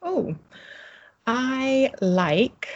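A woman's voice: sits high, sing-song, drawn-out words. A woman being interviewed, talking cheerfully and chattily about her business and her plans, often laughing. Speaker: interview guest, coach. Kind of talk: casual interview chat. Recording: slightly dull audio.

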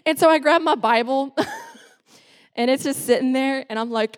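A woman pastor giving her testimony as a sermon, telling her story with animated quoted voices. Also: high-pitched, a little fast. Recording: long hall reverb.

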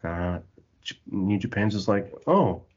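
Husky, animated male podcast co-host; dull lo-fi recording. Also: medium pitch, moderate pace. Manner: animated, mimics wrestlers with loud yelps and laughs. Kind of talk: casual wrestling recap chat.

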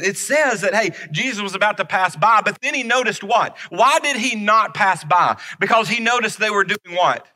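A man preaching a sermon, his voice bright and forceful, sitting a little higher than most men's. He repeats his key lines for weight and moves from ringing emphasis down to hushed, soft moments. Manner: dynamic, swings from loud emphasis to soft near-whisper. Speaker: pastor.

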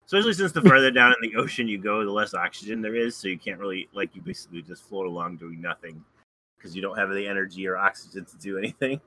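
A man's voice: sits low, fast talker, pushed and bright, dry recording, poor audio. A man guesting on a podcast, chatting casually with short replies and easy laughter.

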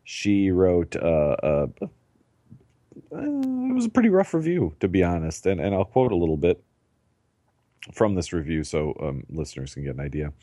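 A man's voice: deep voice, very animated, normal speed, mellow, no echo, clean studio sound. A man co-hosting a podcast in casual chat, laughing often and swearing freely as he riffs. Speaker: podcast co-host.

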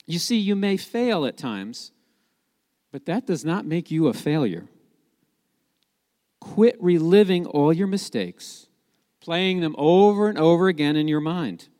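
A man's voice: on the high side, sing-song, a little slow, pauses often, warm tone, big-room sound. A man preaching a sermon in a conversational, emphatic way, with joking asides.

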